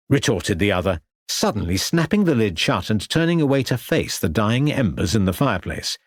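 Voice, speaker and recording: A man reading a crime audiobook in a measured, descriptive way. His voice is low and husky, and it moves through a wide, expressive pitch range. The recording is dry and close. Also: no room sound. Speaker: audiobook narrator. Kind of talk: scripted narration.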